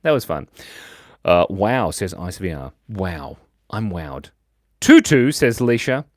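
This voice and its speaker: Casting: playful male streamer, lively pitch, dry close mic, giggly chat-reader. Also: takes it slowly, no room sound. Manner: playful, reads chat comments aloud, giggles often. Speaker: livestream host drawing with chat. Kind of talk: casual live-stream chat.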